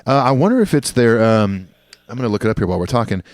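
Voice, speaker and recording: A man co-hosting a podcast, chatting in a relaxed way with many fillers. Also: lowish voice, quick pace, no room sound, clean studio sound. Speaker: podcast co-host. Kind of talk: casual chat.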